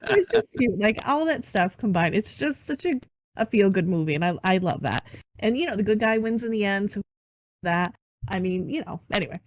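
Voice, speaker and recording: A middle-aged woman chatting on a podcast, telling animated stories and acting out quotes between bursts of laughter. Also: mid-range voice, brisk, dry recording. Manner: animated storytelling, acts out quotes, laughs often. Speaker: guest reviewer. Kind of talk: casual podcast chat.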